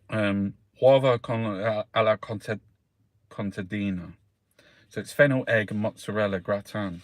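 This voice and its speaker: A Cockney man from South London talks in a loose, rambling monologue, peppering every sentence with swearing and "mate". His voice sits fairly low, and the sound is dry and close, with no room around it. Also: a little slow, no echo. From South London, England. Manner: swears constantly, calls listeners mate. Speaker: host reviewing the newspapers.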